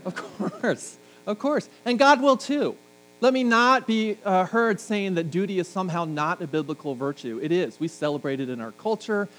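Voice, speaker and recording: A man in middle age delivers a sermon in a slightly high voice. He speaks conversationally and drops in jokes and asides to the congregation. A faint electrical hum runs under the recording. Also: animated, moderate pace, a bit bright, low-quality recording. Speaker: pastor.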